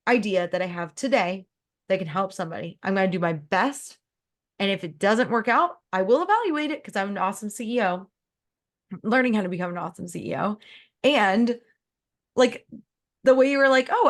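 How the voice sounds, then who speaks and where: A woman business coach talks through a client's mindset on a coaching call. She is fast and emphatic, and her pitch jumps up when she acts out her own inner voice.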